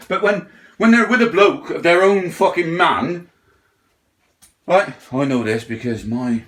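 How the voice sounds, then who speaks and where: A man's voice: fairly high pitch, very animated, normal speed, fairly bright tone. Sweary, blunt man ranting. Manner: blunt, sweary, mocking mimicry of others. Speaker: ranting vlogger. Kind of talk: profane rant.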